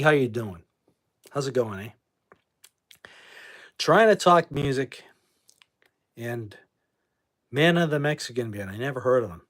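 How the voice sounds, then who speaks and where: A man from New England hosting a casual livestream, answering viewer comments and bluntly kicking out trolls as he rambles. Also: mid-range voice. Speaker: livestream host.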